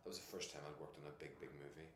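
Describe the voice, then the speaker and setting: A man, an actor and podcast guest, telling casual anecdotes in an animated way, laughing often and restarting his sentences. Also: extremely low pitch, rapid-fire. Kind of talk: casual anecdotal interview chat. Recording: echoey room with faint noise.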